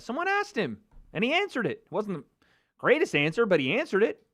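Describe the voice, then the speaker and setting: A man's voice: high voice, wildly swooping pitch, fast talker, fairly bright tone, dry recording, clean studio sound. A man hosting a live MMA talk stream, commenting casually with mocking, profane banter and frequent laughter. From United States.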